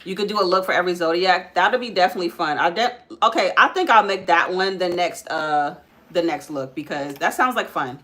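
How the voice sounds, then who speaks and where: A woman's voice: fairly low pitch, fairly quick, fairly bright tone. A young woman chatting casually through a live makeup stream, calling her viewers guys and breaking off to tell her kids to stop climbing on things. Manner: frequent ums while working. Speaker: makeup vlogger and mother.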